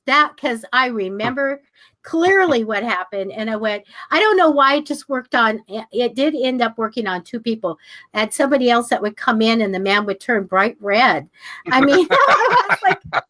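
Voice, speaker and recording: An older woman leads a casual class, telling personal stories to her listeners. She sounds chatty and animated, and her voice leaps up when she imitates the people in her tale. Her voice sits a little high. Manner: animated, acts out quoted people with sharp pitch jumps. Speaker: class teacher on manifesting.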